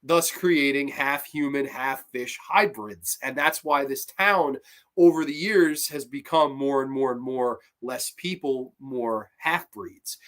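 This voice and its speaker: Bright-voiced man, profane casual review. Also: mid-range voice. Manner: profane, rambling, enthusiastic retelling. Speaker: podcast host. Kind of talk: casual movie review chat.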